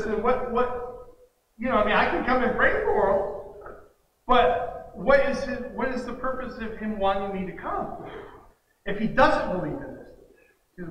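A man preaching a sermon as pastor, blunt and impassioned, rising to shouts at times. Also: high-pitched, lo-fi sound. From United States. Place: church sanctuary. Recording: echoey church hall, mic far off, faint noise.

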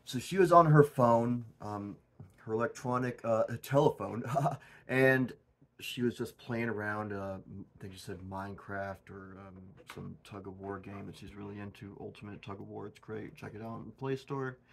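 A man hosting his own channel in a goofy, erratic comedic monologue, swinging from loud outbursts to mumbled asides. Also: fairly low pitch, normal speed, gravelly. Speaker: channel host.

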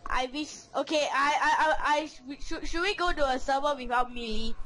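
A woman, chatting excitably while gaming, shrieking and giggling. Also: sits high, a little fast, slight background noise, low-quality recording. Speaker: gamer. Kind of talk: casual gaming chat.

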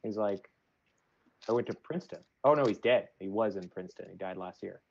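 A man's voice: fairly low pitch, brisk, creaky, highs cut off. A young man, a student, chatting casually with his teacher and filling his talk with "like" and "man.". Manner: chatty, heavy use of fillers like "like" and "man". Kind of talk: casual chat.

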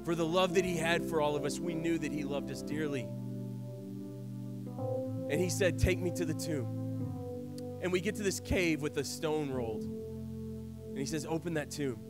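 A man in a church performing a dramatic first-person monologue, earnest and storytelling, hushed one moment and rising the next. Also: fairly high pitch, normal speed, pauses often. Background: music.

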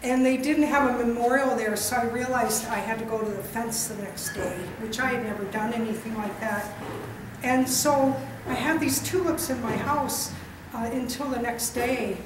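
A woman poet giving a reading in a gallery wine bar, reciting slowly and chatting loosely between poems. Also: on the high side, fairly even intonation. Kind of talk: poetry reading with chatty asides. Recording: echoey room from far off with noise.

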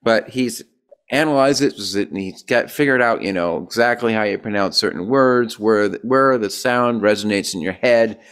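A man hosting a casual interview, encouraging his guest with quick short reactions. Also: on the low side, a bit bright, clean tone. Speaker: interviewer host.

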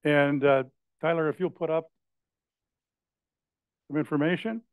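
A man runs through club announcements, loose and chatty, with a joke tossed in here and there. His voice sits a little high, and the sound is close and dry. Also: fairly even intonation, unhurried, smooth, dry recording. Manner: loose and chatty, with joking asides. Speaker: presiding member making club announcements. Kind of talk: meeting announcements. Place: club meeting room.

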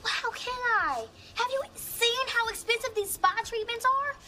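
An actress playing an excitable, upbeat young college woman in a sitcom. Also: very high-pitched, normal speed, very noisy. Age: young adult. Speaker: college student. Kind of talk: sitcom acting.

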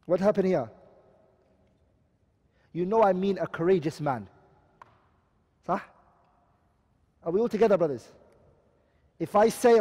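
A man's voice: high voice, lively intonation, unhurried, long pauses, warm tone, long reverb tail. A man teaching a class, explaining terms and asking his students questions as he goes. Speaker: Islamic studies teacher. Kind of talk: classroom lecture.

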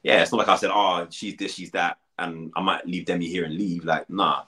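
A young man from Britain, chatting as an interview guest. He talks fast and rambles, full of fillers and self-deprecating asides. His voice sits fairly low and comes across bright and forceful. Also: fairly even intonation. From United Kingdom. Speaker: reality show contestant, guest. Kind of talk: casual interview chat.

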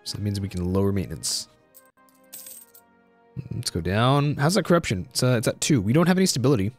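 A man's voice: on the low side, very animated, a little fast, faint music behind. A young man giving casual let's-play commentary on a strategy game, thinking aloud, repeating himself and saying "dude".

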